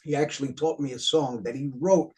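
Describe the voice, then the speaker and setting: A man's voice: mid-range voice, fairly even intonation, a little fast. A man in his fifties with a New York accent, telling stories as an interview guest, rambling with many fillers and repeated words. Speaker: author guest. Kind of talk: casual storytelling interview.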